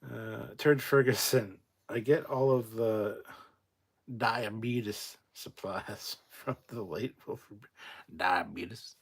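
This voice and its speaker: A man hosting a casual livestream, reading viewer comments aloud and adding quick, swearing asides. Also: mid-range voice, slightly rough. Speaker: livestream host reading chat.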